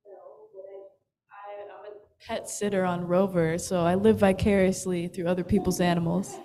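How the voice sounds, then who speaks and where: A woman taking part in a casual group discussion, speaking softly and haltingly. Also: fairly low pitch, flat delivery, a little hiss or hum. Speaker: participant.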